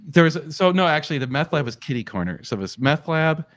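A man telling a story in a casual live show chat, swearing freely and acting out quotes in a high voice. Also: animated, fast.

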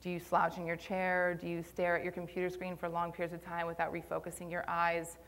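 A young woman presents on posture and Pilates at a live conference, her lowish, slightly bright voice completely flat and a little fast. Her talk is conversational yet somewhat nervous, with lots of ums, in a conference room.

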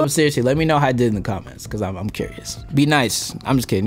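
Animated young American man vlogging. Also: mid-range voice, quick pace, soft background music. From United States. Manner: animated, laughing, swears freely. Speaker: YouTuber. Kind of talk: casual vlog talk.

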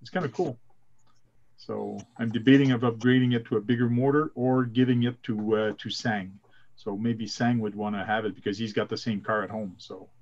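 A male host with a middle-pitched voice, telling stories in an easy, chatty way with plenty of "uh" fillers. His audio is muffled and lo-fi. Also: fairly even intonation, normal speed, darkish tone. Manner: chatty storytelling with frequent "uh" fillers. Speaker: host of a live chat show. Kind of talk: casual chat. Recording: muffled lo-fi sound.

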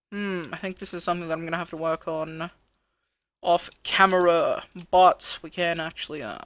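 A let's play host giving casual gameplay commentary, thinking aloud, counting out loud while building, and grumbling at his own work. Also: medium pitch, vocal fry, no echo.

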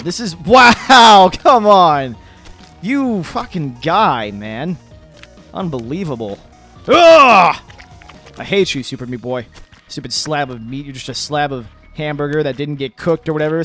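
A young man with a fairly high voice talks through a game he keeps failing, grumbling, cursing and now and then yelling. His voice has gone a little phlegmy. Faint music runs underneath. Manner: frustrated, swearing, bursts of yelling and laughing. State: slightly phlegmy voice. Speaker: gaming video host. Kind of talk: casual let's-play commentary.

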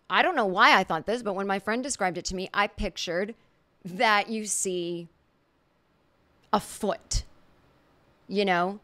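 A woman's voice: medium pitch, a bit bright, smooth. A middle-aged woman hosting a podcast, telling a funny story in a casual monologue and acting out the quoted reactions. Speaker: podcast host.

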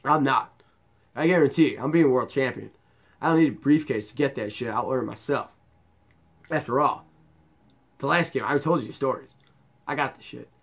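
A man's voice: mid-range voice, moderate pace, creaky, pauses often. A young man playing a wrestling video game and commenting crudely and sarcastically as he plays. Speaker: gaming YouTuber. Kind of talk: profane let's-play commentary.

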